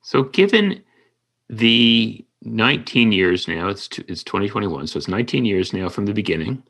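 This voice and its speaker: A man's voice: fairly low pitch, expressive, moderate pace, vocal fry, fairly bright tone. A man hosting an interview, asking long, rambling questions that he rephrases as he goes. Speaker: interviewer, host.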